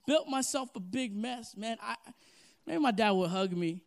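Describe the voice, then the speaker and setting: High-voiced pastor preaching with big swings. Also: male voice, moderate pace, creaky. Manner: energetic, swings from soft to loud. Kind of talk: sermon.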